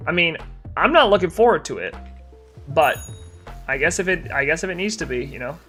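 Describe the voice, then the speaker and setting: A man's voice: fairly high pitch, very animated, a little fast, pushed and bright, soft background music. A young man live-streaming a game, tired and yawning, chatting casually and answering chat while he plays.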